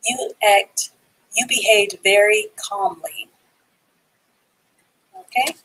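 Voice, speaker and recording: Husky woman reading teacher, slow and patient delivery, spells words out letter by letter for adult learners. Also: mid-range voice, fairly even intonation, a bit bright, rough recording. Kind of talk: live online reading lesson.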